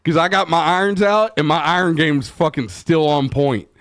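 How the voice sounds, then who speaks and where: A man, telling stories in a casual podcast chat and swearing freely as he acts out loud quotes. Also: a little high, moderate pace, no echo, studio quality. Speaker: podcast host.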